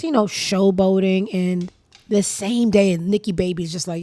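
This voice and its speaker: A woman's voice: mid-range voice, moderate pace, mellow, no echo. A woman hosting her own show, giving casual gossip commentary in a blunt, sassy, profane way. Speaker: show host.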